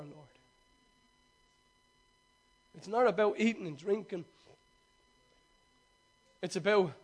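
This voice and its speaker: A male pastor preaching and praying fervently, repeating phrases and swinging from hushed prayer to loud exhortation. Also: high voice. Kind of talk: sermon with prayer.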